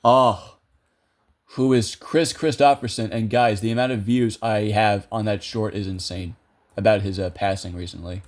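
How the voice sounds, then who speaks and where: A man's voice: fairly low pitch, fairly even intonation, normal speed. A young man commentating a video game casually, chatty and self-amused, thinking aloud with lots of fillers. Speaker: gameplay video creator.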